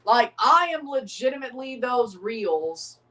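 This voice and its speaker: A man's voice: extremely high pitch, sing-song, measured pace, bright, forceful tone, far from the mic. A man hosting a casual live watchalong, chatting with viewers and often repeating phrases. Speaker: livestream host reacting to a match.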